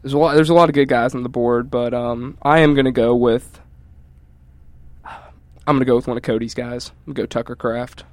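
Casting: man, mid-pitched, relaxed, chuckling, thinking aloud in a casual group chat. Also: brisk, long pauses, dry recording. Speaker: fantasy draft participant.

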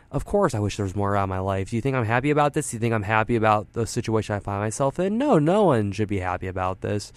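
A man voicing a weary, solemn male rat who pities himself, in a low, rueful tone. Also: smooth, dry recording, natural voice.

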